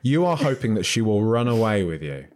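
Casting: male podcast co-host, low voice, relaxed, blunt banter. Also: a little fast. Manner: laid-back, blunt banter. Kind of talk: casual chat.

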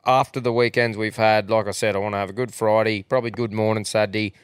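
A man's voice: on the low side, steady tone, fast, smooth, no room sound, studio quality. An Australian man hosting a podcast, talking in laid-back, swearing slang. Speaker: podcast host. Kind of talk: casual podcast chat.

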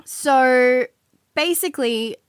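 A woman's voice: high voice, slow, smooth, no echo. A woman hosts a podcast and tells a story in a loose, joking way. She acts out the people in the story as she goes. Her voice is dry and close to the mic. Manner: animated, jokey, acts out quotes. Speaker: podcast host. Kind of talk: casual storytelling chat.

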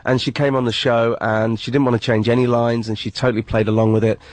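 A British man chats on the radio as a guest comedian. He talks fast and earnestly, with a middle pitch. The studio sound is dry and close. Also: flat delivery, darkish tone, no room sound. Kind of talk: casual radio chat.

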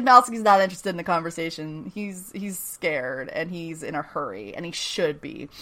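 A woman's voice: mid-range voice, pushed and bright. A young adult woman co-hosting a podcast, recapping an episode in casual chat, laughing often, swearing and making playful asides. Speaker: podcast co-host.

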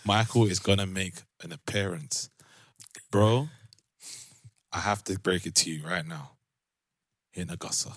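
A man's voice: low voice, unhurried, pauses often, dry recording. A man with a London accent co-hosting a podcast, teasing in casual banter and laughing often. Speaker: podcast co-host.

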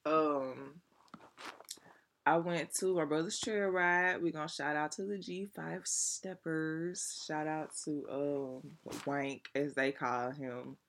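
A young adult woman talks straight to her audience in a loose vlog style. Her voice is bright and forward. She tells her stories animatedly, with plenty of slang and swearing. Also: low-pitched. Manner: animated, profane, chatty slang-filled storytelling. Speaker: vlogger. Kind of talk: casual storytelling to viewers.

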